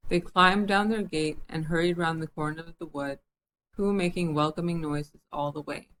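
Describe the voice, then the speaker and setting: A woman reading a children's book aloud in a gentle, measured way. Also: deep voice, steady tone, slight background noise. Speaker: storyteller.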